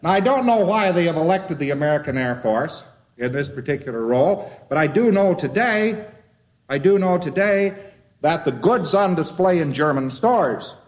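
A man's voice: fairly high pitch, lively intonation, moderate pace. A man giving a lecture in a folksy, wry, rambling way. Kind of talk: lecture to a live audience. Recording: dull lo-fi old lecture tape.

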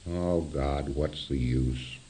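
A man's voice: very deep voice, animated, fairly quick, creaky, a little mellow, pitched below the performer's own voice, heavily acted. A man voicing a gloomy, self-pitying client in counseling, moaning his lines as a lament. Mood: hopeless.

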